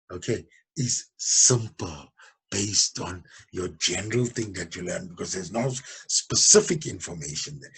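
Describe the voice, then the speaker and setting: Man, teacher, revision lesson, very raspy voice, animated pitch, keeps checking understanding. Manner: repeatedly checks understanding with "okay?" and "you understand?". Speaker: geography teacher.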